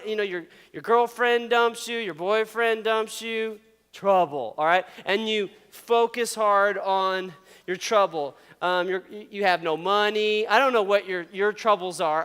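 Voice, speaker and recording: Playful high-voiced male preacher in a hall. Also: a bit bright, clean tone. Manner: playful, laughs often, asks the audience questions. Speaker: youth pastor. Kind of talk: casual youth sermon. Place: large hall with an audience. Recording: long hall reverb.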